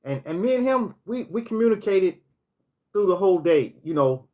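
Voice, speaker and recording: A man's voice: high voice, expressive, normal speed, a little mellow, dull audio. A middle-aged man telling casual stories on a vlog, rambling, restarting words and filling with "you know" as he recalls things. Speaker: storytelling vlogger. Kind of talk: casual storytime monologue.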